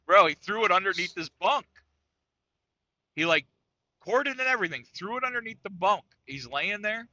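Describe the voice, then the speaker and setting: With a high voice, lively intonation and long pauses, this New York podcast co-host tells a comic story at normal speed, swearing and saying "dude" nearly every phrase. His tone is sharp, and the recording has no room sound and missing highs.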